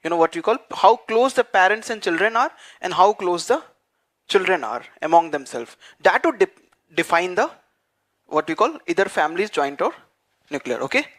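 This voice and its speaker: A man teaching a class, dictating notes and repeating phrases slowly so students can write them down. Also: high voice, expressive, a bit bright. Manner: frequent fillers like "what you call" and "okay". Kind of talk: dictated lecture.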